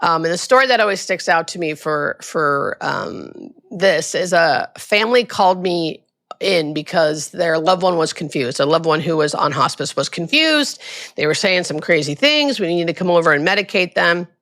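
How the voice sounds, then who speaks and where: A middle-aged woman, a hospice nurse, talking casually in an interview and acting out the people in her stories. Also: normal speed. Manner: animated, acts out quoted voices with high pitch jumps. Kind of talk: conversational storytelling interview.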